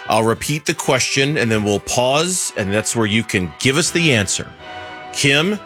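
A man's voice: a little slow, soft background music. A man hosting a sports radio show, bantering casually and running a caller contest with frequent laughs and playful swings in his voice. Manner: animated, laughs often, swings pitch up for emphasis.

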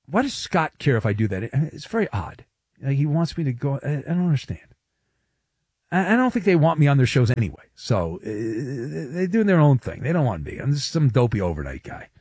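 A man's voice: mid-range voice, sing-song, a little fast, darkish tone, husky, no echo, studio quality. A man hosting a late-night sports talk radio show, wry and teasing, with rambling asides. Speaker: radio host. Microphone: studio microphone.

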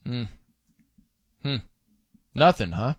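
A male sports radio host with a lively, swooping pitch, chatting in a loose, joking way full of fillers and self-corrections. His voice comes through a studio microphone, dry and close with no room sound. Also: takes it slowly, no room sound, muffled recording. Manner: joking, rambling with fillers and restarts. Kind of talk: casual sports radio banter.

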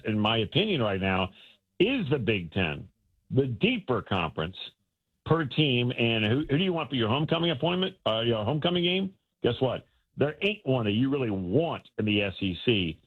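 A husky man talking sports down a phone line. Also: medium pitch. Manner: animated, colloquial, repeats words when excited. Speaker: radio show co-host. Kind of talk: casual sports talk. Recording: phone-line call-in audio.

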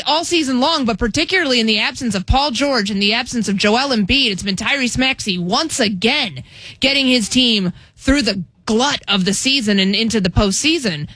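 A woman's voice: fairly high pitch, pushed and bright, no echo. A woman on a sports talk panel, laying out confident, detailed analysis with stats. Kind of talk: casual sports debate.

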